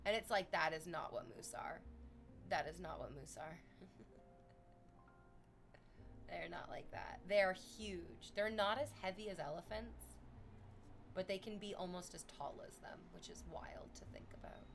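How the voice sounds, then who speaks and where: Gravelly and measured, with long pauses, a Canadian woman speaks over music while streaming and casually chatting with viewers. She's lively and laughs often, turning quoted bits into high, excited shrieks.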